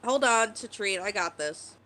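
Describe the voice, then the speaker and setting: A woman's voice: mid-range voice, animated, measured pace, pushed and bright, rough recording. A woman as a player in a tabletop game, speaking with hesitant fillers.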